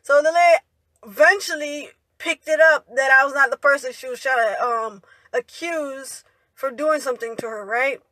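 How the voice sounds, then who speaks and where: A woman's voice: high voice, moderate pace, sharp tone, dry recording. A young woman telling a story in a rambling, indignant way, ending her lines with "right?" and "you know". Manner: indignant retelling. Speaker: vlogger. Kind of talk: storytime monologue.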